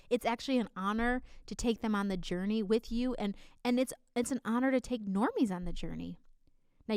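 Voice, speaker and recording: A woman's voice: mid-range voice, a little mellow, clean tone, no echo, studio quality. A woman giving casual business advice straight to her viewers, bubbly and playful. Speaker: business coach.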